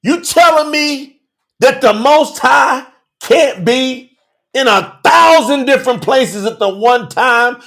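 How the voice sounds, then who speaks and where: A man hosts a livestreamed Bible study sermon as a podcast, teaching scripture emphatically in casual street slang and firing off rhetorical questions. His voice is extremely high, slow, fairly bright, and has vocal fry.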